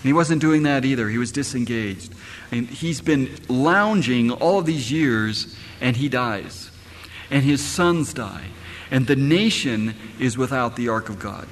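A man's voice: mid-range voice, animated, unhurried, a little hiss or hum. A middle-aged man, a pastor, preaching a sermon and firing rhetorical questions at his congregation. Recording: echoey hall, faint ambience.

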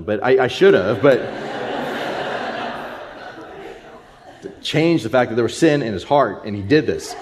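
A man's voice: mid-range voice, darkish tone, slight background noise. A man in his thirties, a pastor telling a rambling family story in a sermon with many fillers.

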